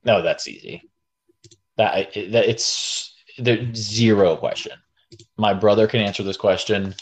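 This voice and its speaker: A man's voice: on the low side, a little slow. A man co-hosting a podcast, chatting casually and jokingly, with many restarts. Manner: animated, joking, lots of restarts. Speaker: podcast co-host. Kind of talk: casual chat.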